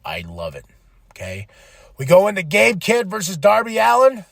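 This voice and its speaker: An excitable man hosting a podcast, rambling and swearing as he recaps. His voice sits a little high and sounds dry and close to the mic. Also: moderate pace, gravelly, dry recording. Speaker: podcast host. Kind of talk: casual recap chat.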